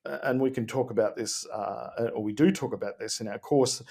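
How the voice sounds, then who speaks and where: A man co-hosting a podcast, speaking earnestly with frequent pauses and restarts. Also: fairly low pitch, steady tone, creaky, a little mellow. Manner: hesitant, many fillers and restarts, earnest. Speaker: podcast co-host. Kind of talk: casual podcast chat.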